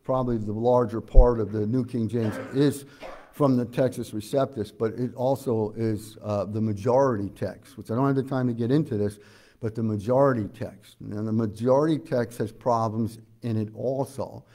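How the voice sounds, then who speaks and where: A man preaching an expository sermon as pastor. He explains scripture verse by verse, asks the congregation questions and often pauses on "uh". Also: mid-range voice, steady tone, warm tone. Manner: preaches conversationally with frequent "uh" fillers.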